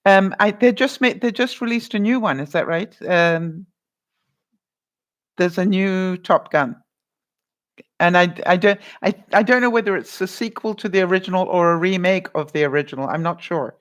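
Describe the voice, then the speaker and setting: A woman's voice: lowish voice, moderate pace. A woman vlogger chatting casually on a live stream, laughing often as she runs a movie-quote quiz and answers viewer comments.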